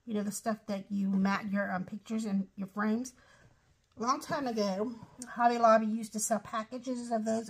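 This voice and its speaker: Middle-aged woman, slightly high voice, rambling craft walkthrough at home, keeps apologizing. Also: slight background noise. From Ohio, USA. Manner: chatty, rambling, apologetic asides. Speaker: craft vlogger. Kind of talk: casual show-and-tell craft walkthrough.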